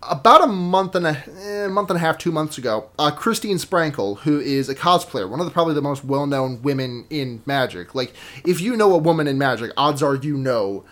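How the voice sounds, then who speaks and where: A man's voice: a little high, lively intonation, fairly quick, a bit bright. Rambling jokey male podcast host. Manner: rambling, self-interrupting, jokey. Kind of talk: casual podcast chat.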